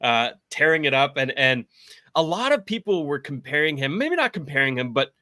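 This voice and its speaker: Bright, eager podcast co-host. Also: male voice, a little high, big pitch swings, a little fast, no echo, clean studio sound. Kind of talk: casual sports podcast chat.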